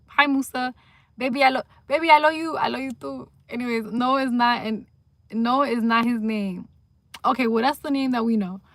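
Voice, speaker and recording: A young woman streaming live from her phone, reading comments aloud and rambling in a slangy, casual way. She drifts between mumbled asides and sudden loud outbursts. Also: on the high side, dry recording. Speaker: livestreamer.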